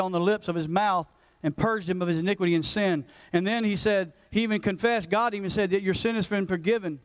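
A man in his forties, a pastor preaching a passionate sermon that swings between loud urgency and hushed intensity. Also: sits high, brisk, rough recording. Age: 40s. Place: church sanctuary.

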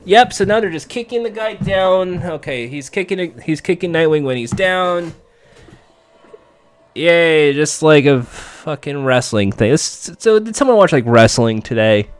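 A man's voice: fairly high pitch, expressive, unhurried, clear, resonant tone. A man giving a casual, sarcastic, profane play-by-play recap of a TV episode.

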